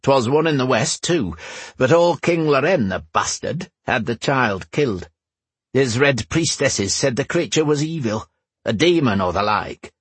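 A man's voice: medium pitch, animated, measured pace, husky, no room sound, pitched above the performer's own voice. A male narrator voicing a grumpy, grey-haired old cobbler who talks bluntly and grumbles. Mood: gossiping. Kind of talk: audiobook character voice.

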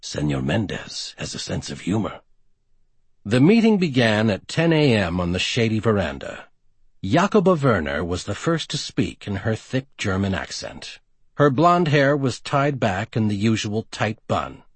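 Husky, animated male audiobook narrator. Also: lowish voice, moderate pace, no room sound. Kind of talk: scripted narration.

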